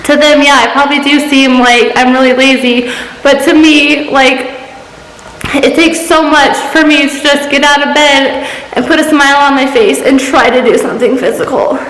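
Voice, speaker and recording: A young woman vlogging a personal confession, talking in a halting, emotional way with many restarts. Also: high voice, fairly even intonation, fairly bright tone. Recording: echoey room with long reverb.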